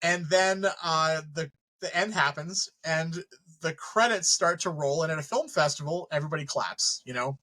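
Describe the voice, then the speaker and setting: Animated bright-voiced man telling stories. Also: a little high, normal speed, poor audio. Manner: animated, swearing freely, acts out his own reactions. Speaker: filmmaker guest. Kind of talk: casual storytelling.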